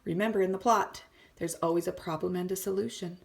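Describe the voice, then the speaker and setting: A woman's voice: on the low side, steady tone, a little fast, creaky. A woman teacher reading a story aloud to children, explaining words and often dropping to a whisper. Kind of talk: read-aloud lesson for children.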